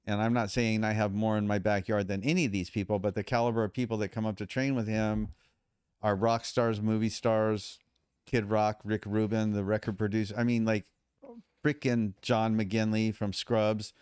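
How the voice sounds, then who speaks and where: Middle-aged male guest, animated storyteller who acts out the quotes, dry close sound. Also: fairly low pitch, moderate pace, smooth, no echo. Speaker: podcast guest. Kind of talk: casual storytelling.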